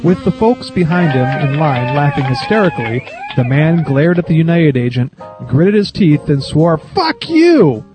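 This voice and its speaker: A man's voice: on the high side, animated, moderate pace, music in the background. A man hosting a comedy radio spot, reading jokes in a wry, storytelling way.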